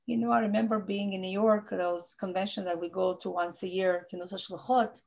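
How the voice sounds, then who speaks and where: A middle-aged woman speaks accented English in an informal Torah talk, leaning on repetition to drive each point home. Her voice is mid-pitched with a gravelly, creaky edge. She sounds like she is on a video call. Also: steady tone, a little fast, a little mellow. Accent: non-native English. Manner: earnest, repeats phrases for emphasis. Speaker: rebbetzin teaching a women's class.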